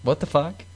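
A man's voice: very high-pitched, fairly bright tone. A man co-hosting a crude comedy podcast who laughs often and throws in crude one-liners. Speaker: podcast co-host.

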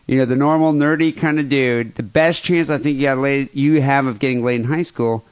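A man's voice: mid-range voice, steady tone, fairly quick, clear, resonant tone. A man co-hosting a podcast in casual comedic chat, crude and jokey, laughing often. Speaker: podcast co-host.

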